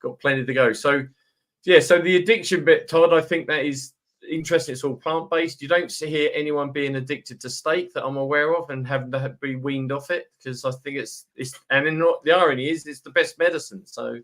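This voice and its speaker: Male host, British-Irish accent, chatty live-stream manner, slightly high voice. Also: steady tone, a little fast, a bit bright. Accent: British-Irish mix. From Britain. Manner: chatty, reads out viewer comments.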